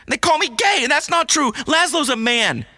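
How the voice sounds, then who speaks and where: A man's voice: very high-pitched, expressive, a little fast, sharp tone, exaggerated voice. An actor playing a washed-up, self-pitying male radio host who stammers and whines in a game radio comedy.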